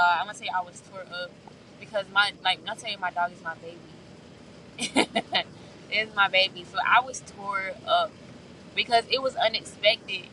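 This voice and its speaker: A woman's voice: mid-range voice, bright, forceful tone, a little hiss or hum. Earnest woman vlogging from a distance. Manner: earnest and heartfelt, often asking "right?". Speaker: faith vlogger. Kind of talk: candid personal vlog monologue.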